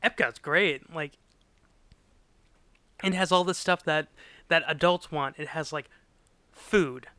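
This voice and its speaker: A male podcast co-host takes his time, leaving long pauses, his fairly high voice clear and resonant with no echo. In a casual chat he retells a sitcom episode, animatedly acting out quotes and laughing often.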